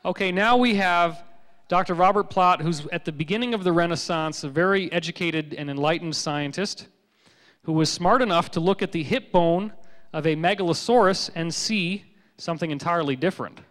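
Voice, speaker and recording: A man giving a public lecture, telling stories in a joking, animated way. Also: high voice, moderate pace, long reverb tail.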